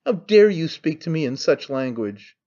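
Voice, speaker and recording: A man's voice: a little high, sing-song, normal speed, warm tone, dull audio. A man voicing an aged, theatrical father who cries out in wounded indignation. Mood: indignant. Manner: wailing, outraged outbursts.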